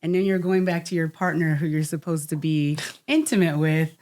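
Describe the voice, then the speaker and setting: Brief: woman co-host, lower pitch, attentive, gentle questioning. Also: moderate pace. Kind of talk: podcast conversation.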